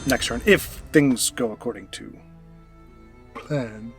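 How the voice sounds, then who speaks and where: A man's voice: medium pitch, slow, music in the background. A man giving casual gameplay commentary, chatty and thinking aloud as he plays. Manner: chatty, thinks aloud, frequent restarts and fillers. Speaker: streamer and card game player.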